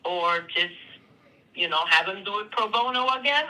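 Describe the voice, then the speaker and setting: A speaker with a piercingly bright, sharp-edged voice talks on a live call-in stream. They weigh their words, pausing often on fillers before pressing a point. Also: mid-range voice, low-quality recording. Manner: hesitant, measured, full of "you know" and "um". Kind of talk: casual chat.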